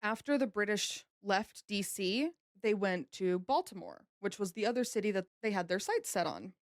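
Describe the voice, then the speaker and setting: A woman's voice: mid-range voice, very animated, moderate pace, no room sound. Podcast co-host, woman, chatty history telling, dry close sound. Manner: chatty storyteller, laughs easily. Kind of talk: casual history podcast chat.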